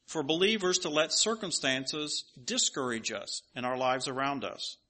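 A man's voice: fairly high pitch, bright, forceful tone, husky. A man preaching a sermon and reading scripture aloud, emphatic and asking rhetorical questions at an uneven pace.

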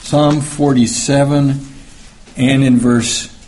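A man's voice: medium pitch, level tone, takes it slowly, a little mellow. A man teaching through scripture verse by verse in a conversational sermon, with plenty of fillers and restarts, who acts out the voices in the passages he reads. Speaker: Bible teacher. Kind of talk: verse-by-verse Bible study sermon.

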